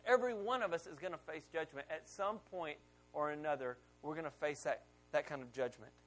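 A middle-aged man preaching a sermon in a church, telling stories in a conversational way and rising loud on the points he wants to stress. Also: a little high, a little fast. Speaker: pastor.

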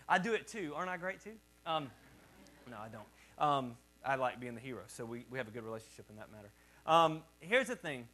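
Bright-voiced, high-pitched joking male pastor. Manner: conversational and joking, calls for congregation responses. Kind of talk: sermon.

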